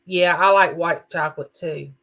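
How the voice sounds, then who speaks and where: A woman's voice: fairly low pitch, moderate pace, a bit bright. A middle-aged woman, hosting a livestream in a chatty, folksy way and reading viewer comments aloud. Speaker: livestream host. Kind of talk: casual live chat reading viewer comments.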